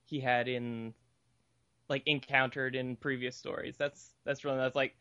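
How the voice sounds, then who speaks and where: Laughing podcast co-host, dry close sound. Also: male voice, mid-range voice, normal speed, clear, resonant tone, no echo, lo-fi sound. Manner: laughs often, relaxed. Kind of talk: casual podcast chat.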